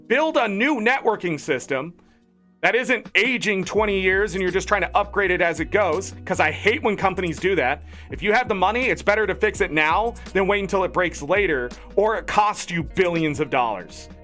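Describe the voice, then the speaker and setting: A man streaming games, ranting in casual chat with animated, indignant talk. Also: high-pitched. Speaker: gaming streamer.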